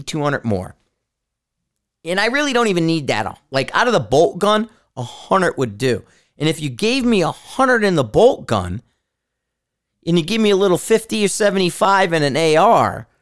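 Podcast host, man, smooth clear voice, excitable rambling storyteller who swears a lot. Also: sits high. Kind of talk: casual talk about shooting.

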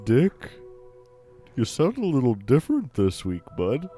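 Comedy podcast guy, teasing mock-pompous, mellow voice. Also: mid-range voice, huge pitch swings, a little slow, soft background music. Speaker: podcast co-host. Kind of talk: improvised comedy banter.

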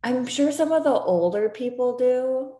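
A woman's voice: high-pitched, animated, unhurried, mellow. A woman in her thirties chatting casually, full of "like" fillers. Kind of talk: casual chat. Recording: roomy echo.

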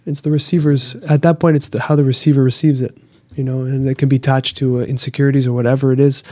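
A man who works as a massage therapist, calmly explaining his views in casual conversation. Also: medium pitch, fast, no room sound. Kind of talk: casual chat.

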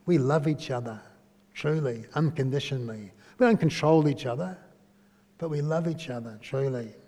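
A man's voice: mid-range voice, moderate pace, dark tone. A man giving a conversational sermon, often asking listeners questions and tagging lines with "eh?". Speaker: preacher. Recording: long hall reverb.

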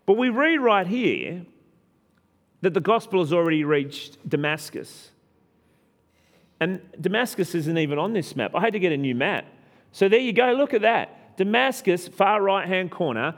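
A man preaching a conversational sermon as a pastor, often restarting and repeating words, leaning hard on key points. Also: on the high side.

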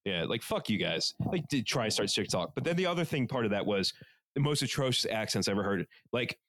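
A man's voice: fairly low pitch, fairly quick, dry recording. A man with a Northeastern US accent co-hosting a podcast, bantering in a rambling, profane style from a couch at home. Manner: rambling, profane, animated storytelling. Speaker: podcast co-host.

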